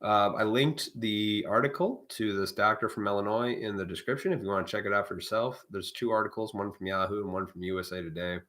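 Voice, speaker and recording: A man's voice: fairly low pitch, fairly quick, few pauses, fairly bright tone. A man hosting a live stream, delivering a blunt, profane, preachy monologue in a casual way.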